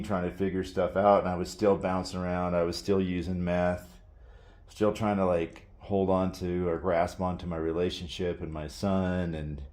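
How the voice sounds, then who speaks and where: A man's voice: low voice, a little mellow. A man earnestly telling his personal story in a casual, reflective way, often trailing off and restarting.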